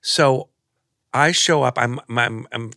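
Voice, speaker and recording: A man, a podcast guest, telling stories in a lively, animated way. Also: medium pitch, slow, gravelly, dry recording, clean studio sound. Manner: animated storyteller, acts out quoted voices. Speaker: podcast guest, artist and author. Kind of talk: casual storytelling.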